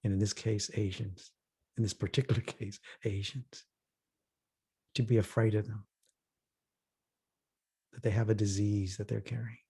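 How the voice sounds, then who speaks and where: A man's voice: on the low side, flat delivery, a little fast, pauses often, mellow, slightly rough. A man leading a workshop dialogue, earnestly telling stories and acting out the people he quotes. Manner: earnest storyteller, acts out quoted voices. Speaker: workshop facilitator. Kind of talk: reflective workshop talk.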